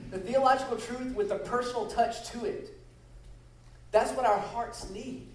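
A man's voice: extremely high pitch, normal speed. Echoey preacher, man from far off. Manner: emphatic, repeats key phrases for stress. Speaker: guest preacher. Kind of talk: sermon. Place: church sanctuary. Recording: echoey hall, voice from a distance.

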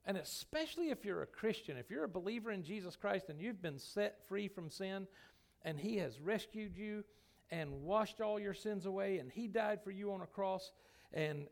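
Gravelly high-voiced man preaching. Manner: folksy, emphatic preaching with many restarts. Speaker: pastor. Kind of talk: sermon. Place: church sanctuary.

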